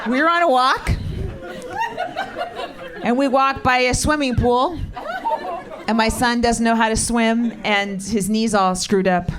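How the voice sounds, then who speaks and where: A middle-aged woman on a comedy club stage with a slightly high voice, working the room with dry, profane teasing. Her set is a live club recording, with a packed audience laughing clearly behind her. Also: unhurried, pauses often, a crowd in the background, background noise. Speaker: stand-up comedian. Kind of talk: stand-up set with crowd work.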